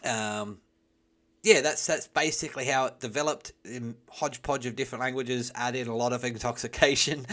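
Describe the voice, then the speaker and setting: A man's voice: mid-range voice, normal speed. Man, general Australian accent, casual host, rambling, filler-heavy, mouth barely open. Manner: rambling, relaxed, lots of fillers; talks without opening his mouth much. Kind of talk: casual chat.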